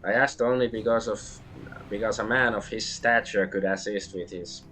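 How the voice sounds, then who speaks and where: A man doing a gruff Canadian smuggler. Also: lowish voice, fairly even intonation, pushed and bright, poor audio. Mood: wary bargaining. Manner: ends lines with a drawn-out "eh". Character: gruff, mercenary middle-aged male Canadian smuggler.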